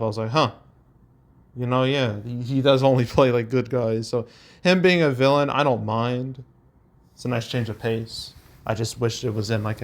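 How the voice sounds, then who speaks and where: A young man hosts a casual show, reading audience reviews aloud in an everyday mid-pitched voice. He rambles and hums while searching, often chuckling between comments. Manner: rambling, chuckling, filler-heavy. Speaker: host.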